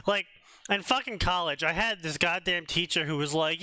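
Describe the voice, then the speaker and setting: A man's voice: on the high side, moderate pace, sharp tone, dry recording. A young man from New Jersey with a Jersey accent, telling stories in casual stream banter, swearing freely and laughing often. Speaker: co-host.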